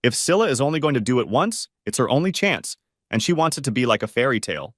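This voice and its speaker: A man reading a story aloud, voicing a calm, thoughtful woman who asks probing questions. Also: medium pitch, no room sound, clean studio sound, pitched above the performer's own voice. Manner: measured, probing.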